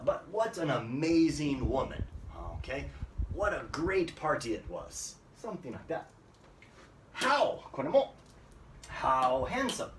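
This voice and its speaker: A man teaching an English grammar lesson, switching into Japanese to explain and often checking with "right?". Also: a little high. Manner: lively, repeats phrases and asks "right?" often. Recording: echoey room, mic at a distance, faint noise.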